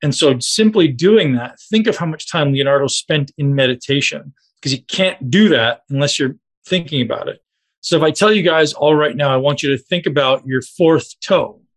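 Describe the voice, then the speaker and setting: A man's voice: fairly high pitch, moderate pace. A man coaching a group on a call, talking casually and directly to his listeners.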